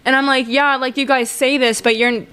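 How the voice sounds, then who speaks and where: Chatty young woman with a high voice. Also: steady tone, normal speed, pushed and bright, smooth. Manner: rambling, many fillers and restarts, laughs while talking. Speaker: podcast host. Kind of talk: casual confessional chat.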